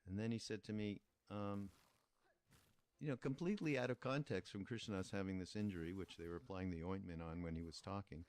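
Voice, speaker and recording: Low-voiced older man, reflective. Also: darkish tone. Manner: reflective, meandering, with frequent pauses and restarts. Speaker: podcast host. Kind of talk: casual spoken storytelling.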